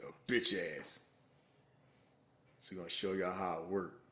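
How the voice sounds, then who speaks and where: A man's voice: sits low, measured pace. A man co-hosting a podcast, chatting casually about a movie in profane slang and acting out the characters as he retells scenes. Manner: animated storytelling, profane slang, acts out characters. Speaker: podcast co-host. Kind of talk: casual movie reaction chat.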